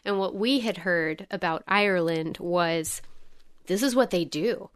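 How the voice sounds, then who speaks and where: A woman's voice: fairly low pitch, measured pace, clear, resonant tone. An American woman, a young adult, telling a story in casual chat as a guest musician and acting out the quotes. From United States. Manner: lively storyteller, acts out quotes.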